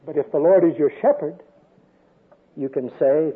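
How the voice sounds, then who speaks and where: Older man preaching, high voice, husky tone, storytelling, swings loud to soft, tinny phone-like radio sound. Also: animated, a little fast. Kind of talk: sermon.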